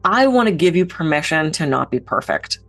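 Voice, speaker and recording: A woman's voice: sits low, big pitch swings, brisk, a bit bright, faint music behind. A woman giving a motivational talk to camera as a mind-body speaker, frank and encouraging, swearing casually now and then.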